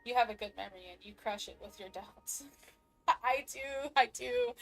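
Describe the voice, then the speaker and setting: A woman's voice: on the high side, very animated, moderate pace, fairly bright tone. A woman streaming a game live, chatting bubbly with her viewers and laughing often. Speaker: VTuber streamer. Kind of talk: casual live-stream chat while gaming. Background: faint background music.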